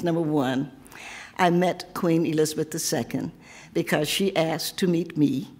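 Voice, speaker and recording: A seventy-year-old woman from Tennessee, hoarse from losing her voice, reading a poem and then chatting with laughing asides. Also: lowish voice, brisk. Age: 70s. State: hoarse, lost voice. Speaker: author. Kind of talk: poetry reading then casual talk.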